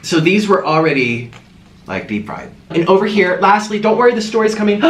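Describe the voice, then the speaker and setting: Animated, gasping man telling a story while eating. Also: high-pitched, measured pace, echoey room, a little hiss or hum. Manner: animated, gasping and murmuring between bites. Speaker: mukbang vlogger.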